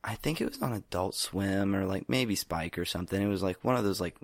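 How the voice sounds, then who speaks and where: A man's voice: sits low, brisk, dry recording, clean studio sound. A young man co-hosting a podcast, rambling in a laid-back casual chat with lots of fillers. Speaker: podcast co-host.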